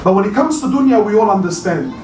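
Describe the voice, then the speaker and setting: A male preacher giving an animated sermon to a crowd, often rising to near-shouts and calling listeners brother. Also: high-pitched, fast, a little hiss or hum. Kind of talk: passionate sermon. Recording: echoey hall, mic at a distance.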